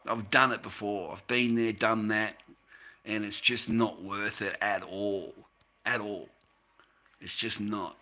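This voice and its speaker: A man rants on a livestream as its host. His voice is very bright and sharp-edged, and his talk is blunt and full of swearing. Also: on the low side, fairly even intonation, takes it slowly. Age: 50s. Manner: blunt, profane, ranting. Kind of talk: casual livestream rant.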